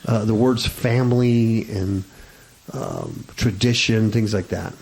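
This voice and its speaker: A man's voice: lowish voice, expressive, slow, vocal fry, a little mellow, low-quality recording. A man hosting a radio talk show, chatting casually in a sarcastic, mocking way. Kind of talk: casual chat.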